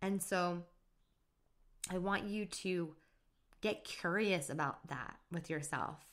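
Chatty female podcast host, lower-pitched, eager motivational coach tone. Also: a bit bright. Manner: upbeat, chatty, laughs at herself. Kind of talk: solo motivational podcast talk.

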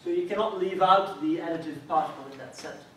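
A man lectures at an academic colloquium in a lecture room, explaining things step by step in a measured way and often checking in with "right?". His voice is fairly high-pitched and fairly bright, and the far-off mic in the echoey hall picks up a faint hiss.

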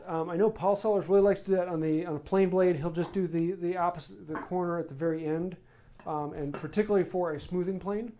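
A man hosting a live woodworking stream, answering viewer questions in a casual, rambling way with many pauses. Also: sits high, a little hiss or hum. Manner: relaxed, rambling explanations with many ums. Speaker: woodworking channel host.

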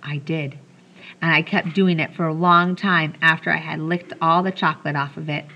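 A woman reading a children's novel aloud, telling the story gently and lightly voicing the characters. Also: deep voice, fairly even intonation, moderate pace, muffled recording. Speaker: audiobook reader.

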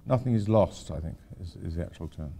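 A man's voice: low voice, expressive, a little fast, creaky, dark tone, slight background noise. An older man, an architect giving an informal lecture, rambling through anecdotes with wry asides.

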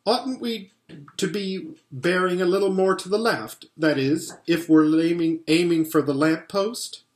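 A man's voice: high-pitched, a little slow, pitched above the performer's own voice. A man voicing a sulky, spiteful younger schoolboy in a storybook reading, sly and sneering, in a roomy-sounding space. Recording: roomy echo.

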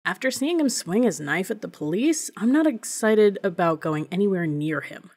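A woman's voice: medium pitch, very animated, normal speed, a little mellow, husky. A woman voicing a guarded, uneasy teenage boy in an audiobook, cautious and reluctant. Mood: wary.

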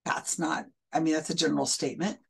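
A woman with a somewhat low voice talks through recorded readings in casual, skeptical commentary. She speaks conversationally, full of fillers and quick restarts. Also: steady tone, gravelly, breathy edge. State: hiccups. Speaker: commentator reviewing a psychic's readings.

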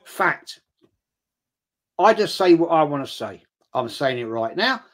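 A middle-aged man chats bluntly on his livestream and reads out comments from viewers. His voice sits a little on the high side for a man. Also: sing-song, measured pace. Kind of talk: casual livestream chat.

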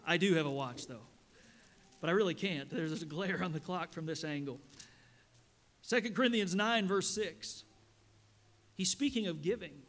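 High-voiced man preaching a sermon. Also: a bit bright. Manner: preaching with emphatic rises, reading scripture slowly. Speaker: pastor. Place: church sanctuary.

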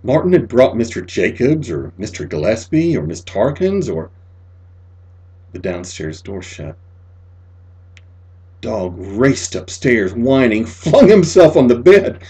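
A man reading a spooky short story aloud, dramatic, dropping to near-whispers and rising to loud cries. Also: medium pitch, expressive, takes it slowly, breathy edge, rough recording. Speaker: audiobook reader.

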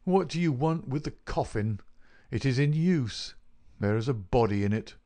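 A man's voice: mid-range voice, animated, moderate pace, dark tone, close to an everyday voice. A man voicing a big, bald, unctuous male swindler in an audiobook, his talk oily and mocking. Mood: indignant. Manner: oily, made-everything-easy talk. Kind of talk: audiobook character reading.

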